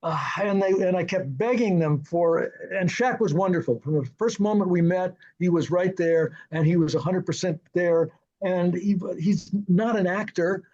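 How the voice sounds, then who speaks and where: An older film and television director, a guest in an interview, tells lively anecdotes from a film set at a normal speed, chuckling often and acting out the voices of the people he quotes. His voice is fairly high, and the sound is a little dull and lo-fi.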